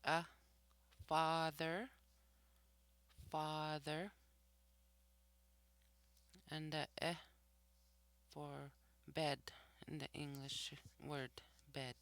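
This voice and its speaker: A language teacher in a recorded vocabulary lesson, who says each word slowly twice and then explains what it means. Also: mid-range voice, flat delivery, vocal fry, fairly bright tone, dry recording. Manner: slow and deliberate, repeats each word twice; explains each word's meaning after saying it.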